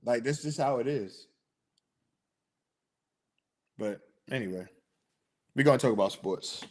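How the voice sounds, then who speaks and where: A young man hosting a sports podcast, chatting in a rambling, animated way and answering his listeners. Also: medium pitch, normal speed. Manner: rambling, animated, talks to chat viewers. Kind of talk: casual chat.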